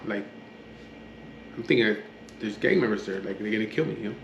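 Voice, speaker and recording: A man's voice: fairly low pitch, brisk, pauses often, muffled recording. A man from the Los Angeles area, casually telling his own story in a blunt, profane, matter-of-fact way, acting out what others said in his own voice. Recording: echoey room with faint background hum.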